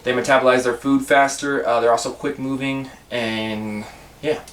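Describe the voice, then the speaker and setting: A man's voice: mid-range voice, flat delivery, normal speed, fairly bright tone, distant mic, slight background noise. A man chatting casually through a snake-feeding vlog, rambling with jokey asides. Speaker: pet snake vlogger.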